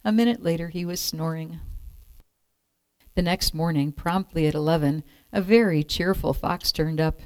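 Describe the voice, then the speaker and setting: Low-voiced woman reading a story. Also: darkish tone, no echo. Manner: clear, measured storytelling. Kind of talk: reading a picture book aloud.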